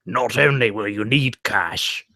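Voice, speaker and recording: A man putting on a low mock-Cockney weapons merchant. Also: a little slow, bright, forceful tone, no echo, studio quality. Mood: gruff salesman. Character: gravelly cockney-ish male weapons merchant. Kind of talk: reading lines in a put-on voice.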